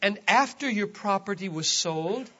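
A man preaching with a high, bright, lively voice that rises and falls. He talks slowly and punches key words, repeating them for weight. The sermon recording sounds dull and lo-fi. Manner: emphatic, repeats key words, swings between loud stresses and quiet drops.

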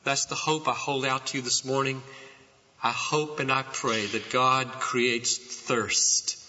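A middle-aged man preaching a sermon in a church, slow and impassioned, rising to shouts at his peaks. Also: mid-range voice, steady tone. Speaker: pastor. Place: church sanctuary. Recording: muffled sound with long hall reverb.

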